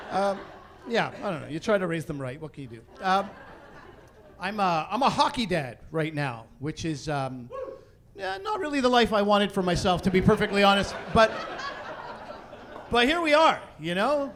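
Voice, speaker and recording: High-voiced man doing stand-up, exasperated. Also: moderate pace, slight background noise. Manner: animated, exasperated, rising to shouts on punchlines. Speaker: stand-up comedian. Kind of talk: stand-up comedy set. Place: theatre stage before a live audience.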